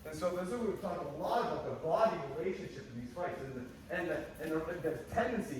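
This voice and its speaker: A fairly high-voiced man coaching a martial arts class from across a large, echoing training hall, with faint noise behind him. He talks in an animated way and slips into little voices as he acts out quoted lines of dialogue. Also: fast, hardly any pauses. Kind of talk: teaching a class. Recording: echoey gym heard from a distance.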